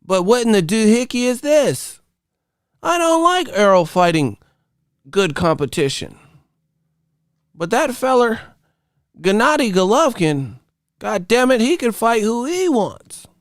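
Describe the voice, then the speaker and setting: A man voicing a fussy, folksy male boxing critic who whines indignantly in a high, mocking voice. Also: very animated, a little slow, pauses often, no room sound, clean studio sound, exaggerated voice. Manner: high mocking whine with old-timey words.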